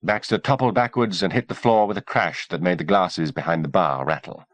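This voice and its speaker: A man narrating an audiobook in a steady, measured reading voice. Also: deep voice, no echo.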